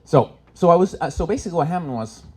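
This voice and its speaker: Man, stand-up comedian, from Canada, lively swooping pitch, slightly high voice, acts out voices. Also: fast, husky. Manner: animated storytelling, acts out characters with voices. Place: expo stage in front of a live audience.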